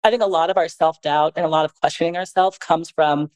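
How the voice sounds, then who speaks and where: A woman's voice: low-pitched, steady tone, fast, darkish tone, clean tone, poor audio. A woman talking as a podcast guest and co-author, sharing advice in an earnest, reflective, conversational way.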